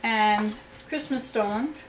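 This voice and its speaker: A woman's voice: fairly high pitch, slow pace. Chatty woman baking in an echoey kitchen. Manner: chatty, explains her baking as she goes. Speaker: mother baking at home. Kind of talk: casual family chat. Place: home kitchen. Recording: echoey room, voice from a distance, faint background hum.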